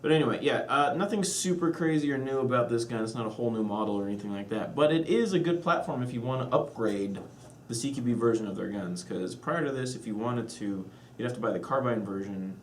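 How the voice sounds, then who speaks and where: A man's voice: mid-range voice, quick pace. A man co-hosting a live online show, joking and teasing as he talks through products. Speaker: show co-host. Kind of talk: casual product talk. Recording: echoey room with faint noise.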